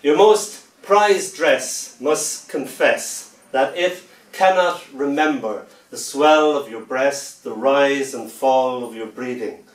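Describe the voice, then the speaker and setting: A man giving a poetry reading to a festival audience, playful and theatrical, stretching out words and pausing for effect. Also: medium pitch. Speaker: poet. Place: festival venue indoors. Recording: echoey room, mic far off.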